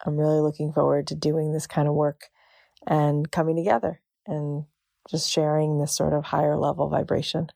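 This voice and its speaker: A woman podcast host reading an announcement for her own event in a calm, measured, low-key way. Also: vocal fry, no echo, clean studio sound.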